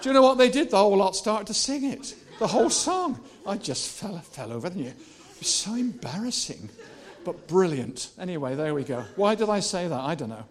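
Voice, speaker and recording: A male preacher giving a lively, animated sermon, swinging between soft, personal asides and repeated, shouted rallying cries. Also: high-pitched, normal speed. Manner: animated, shouting and laughing with the crowd.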